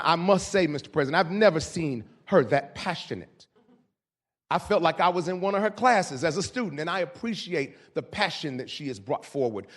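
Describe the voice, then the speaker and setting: Male council member, slightly higher pitch, earnest persuasive floor appeal. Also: fairly bright tone. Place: council chamber.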